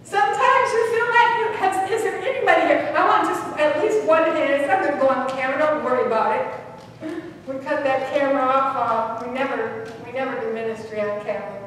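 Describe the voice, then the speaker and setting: A woman pastor preaching a sermon, swinging between loud preaching and hushed quiet, recorded in a church. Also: brisk. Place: church sanctuary. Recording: echoey church hall from far off, faint rumble.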